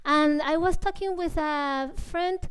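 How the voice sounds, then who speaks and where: High-voiced woman with many "no?" tags. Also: takes it slowly, poor audio. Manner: searching, full of fillers and restarts, tags "no?". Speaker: composer speaking at a public talk. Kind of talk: casual spoken talk, answering questions.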